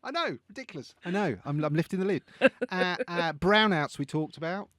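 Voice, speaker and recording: A man co-hosting a podcast in casual chat, animated and laughing often as he acts out his own inner voice. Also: fairly high pitch, fairly quick, dry recording, clean studio sound. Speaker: podcast co-host.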